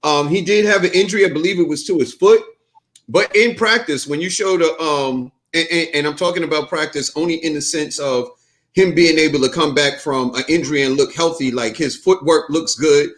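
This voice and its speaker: A man co-hosting a casual sports talk show, ranting and joking with animated energy. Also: a little high, fairly quick. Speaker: co-host.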